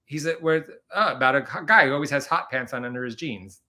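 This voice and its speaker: A man hosting a casual live stream with a bright, forward tone at a middle pitch. He rambles and chats freely, laughing often as he goes. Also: a little fast.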